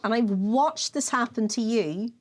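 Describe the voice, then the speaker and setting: A woman's voice: fairly high pitch, unhurried. An Irish woman from County Kerry, co-hosting a casual chat and telling stories with laughing asides. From Ireland. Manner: animated storyteller, lots of laughing asides. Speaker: co-host.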